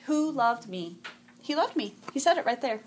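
A middle-aged woman giving a devotional talk to a group, animated and chatty, often acting out her own yelling and sprinkling in "okay" and "um". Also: a little high, normal speed, a little hiss or hum. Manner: frequent "okay" and "um". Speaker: women's event speaker.

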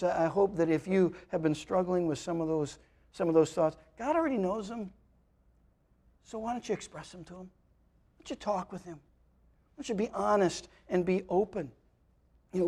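A man preaches to his congregation in a notably high voice. He sounds earnest and pleading, often repeating a word before pressing on. His lines climb to loud, emphatic peaks and then settle back down. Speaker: pastor. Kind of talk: sermon. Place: church sanctuary, also live streamed.

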